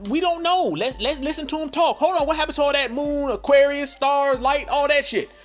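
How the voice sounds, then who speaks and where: A man's voice: extremely high pitch, brisk, pitched above the performer's own voice. A man putting on a whiny, fawning apologist voice to mock people who defend politicians. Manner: mocking, exaggerated, pleading.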